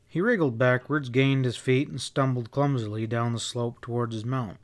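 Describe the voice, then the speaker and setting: A man reading a western novel aloud as an audiobook narrator, in steady storytelling. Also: mid-range voice, normal speed, hardly any pauses.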